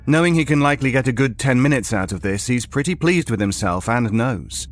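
A man narrating a horror story in a measured, storytelling way. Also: medium pitch, expressive.

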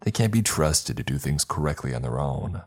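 A man voicing a ruthless male surveillance boss with a creaky voice who snaps at others with contempt. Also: very deep voice, animated, moderate pace, darkish tone, full character voice. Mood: ranting. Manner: snapping, contemptuous.

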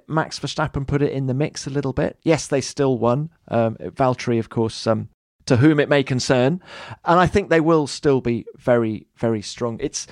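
A man's voice: mid-range voice, no room sound. Man, podcast co-host, easygoing conversational delivery, dry recording. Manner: relaxed, conversational, with restarts. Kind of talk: casual chat.

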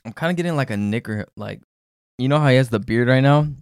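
A man in a casual group chat, making quick offhand remarks. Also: medium pitch, expressive, smooth, no echo, studio quality.

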